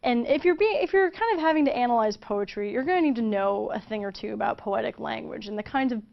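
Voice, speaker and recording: A woman's voice: on the high side, expressive, quick pace, vocal fry, highs cut off. A woman giving a casual, chatty video lesson, with frequent fillers and restarts as she explains. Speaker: teacher.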